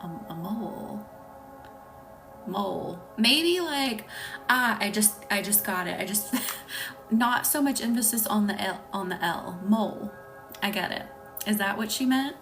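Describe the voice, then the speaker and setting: A woman with a Southern US accent hosting a casual live stream, talking softly, often near a whisper, and laughing easily. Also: medium pitch, lively intonation, normal speed, distant mic, soft background music. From Southern United States.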